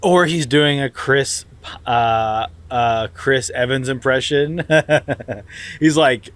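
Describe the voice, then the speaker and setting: A man's voice: medium pitch, slow, a bit bright, clear, resonant tone. A man co-hosting a comedy podcast, riffing playfully in casual chat. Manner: playful, riffing on absurd tangents. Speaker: podcast co-host.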